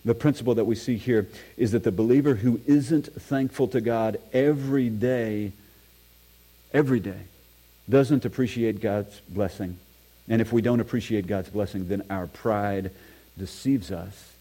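A man's voice: on the low side, measured pace, dark tone, rough recording. A man preaching a sermon in a church, reading scripture aloud with earnest emphasis and self-deprecating asides. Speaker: pastor. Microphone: microphone.

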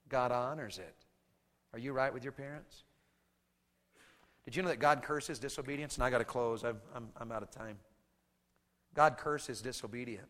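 Animated male preacher in a hall. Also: a little high. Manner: animated storytelling, bursts into shouting. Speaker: preacher to teenagers. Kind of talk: youth sermon. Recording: hall reverb.

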